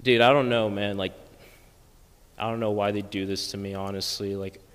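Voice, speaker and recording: A teenage boy doing a stand-up routine as a student performer, talking in slang and getting loud as his story builds. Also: lowish voice, normal speed, smooth. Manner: animated, slangy, exclaims loudly in places. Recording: echoey school studio hall.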